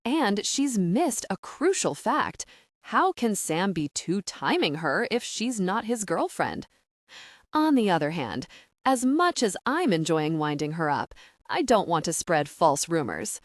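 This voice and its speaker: A woman's voice: lowish voice, sing-song, unhurried, no echo, studio quality. A woman narrating a romantic comedy audiobook in the first person, wry and conversational.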